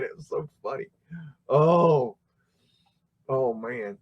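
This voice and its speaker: A man's voice: medium pitch, measured pace, a little mellow. A man hosting a livestream, talking casually through old photographs in a rambling way, with many fillers and restarts and frequent chuckles. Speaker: livestream host.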